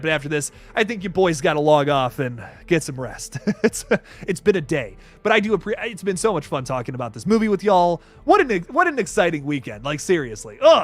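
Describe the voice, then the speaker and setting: A man's voice: fairly high pitch, fairly bright tone. A young man hosting a casual live stream, reading viewer messages, laughing often and swearing casually. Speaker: livestream host reading super chats.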